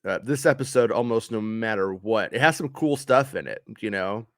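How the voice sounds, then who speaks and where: A man's voice: lowish voice, normal speed, fairly bright tone, dry recording, clean studio sound. A man giving a casual spoken review of a show, frustrated and ranting, swearing often.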